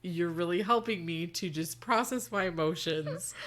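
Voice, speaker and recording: A woman co-hosting a podcast talks sincerely and from the heart in relaxed chat. Her voice sits a bit lower than most women's. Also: moderate pace, a little hiss or hum. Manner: earnest, heartfelt, laughs easily. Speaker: podcast co-host. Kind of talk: casual chat.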